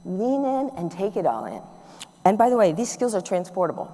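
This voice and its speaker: Long hall reverb surrounds a middle-aged woman addressing an audience, her mid-range voice fairly quick. She's a speaker telling warm, lively stories, acting out the dialogue herself.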